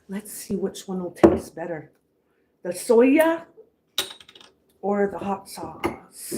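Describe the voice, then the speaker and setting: A woman's voice: mid-range voice, big pitch swings, slow pace, pauses often, noisy background. A middle-aged woman hosting a casual eating livestream at home, rambling and chatting to her viewers between bites. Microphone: camera on a stand.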